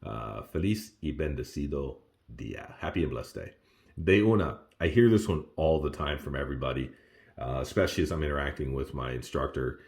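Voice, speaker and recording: A man casually walking through his beginner study notes, who laughs often and jumps up in pitch on exclamations. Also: fairly quick, creaky, darkish tone. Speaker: language learner sharing study notes. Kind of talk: casual self-recorded lesson.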